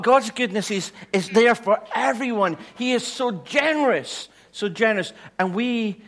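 An animated male preacher weaving a story into his sermon. His voice sits a little high for a man and swings widely, from bright and loud to quiet and hushed. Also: measured pace, few pauses.

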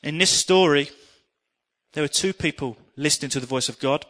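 A middle-aged man preaching a sermon, telling personal stories in an earnest, animated way. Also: fairly high pitch, moderate pace.

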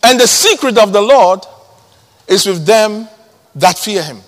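A man preaching a sermon, emphatic, repeating key words and swinging between loud and hushed. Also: high voice, lively intonation, unhurried. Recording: long hall reverb.

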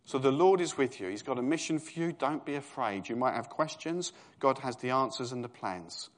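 A man's voice: medium pitch, animated, normal speed. A man in his fifties with a London East End accent, preaching a sermon in a conversational tone that rises to emphatic proclamation.

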